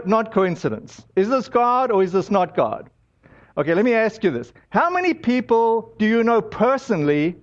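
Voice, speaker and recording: Pastor, male, higher voice, chatty sermon delivery full of "uh"s, muffled lo-fi church recording. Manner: conversational storytelling with many fillers.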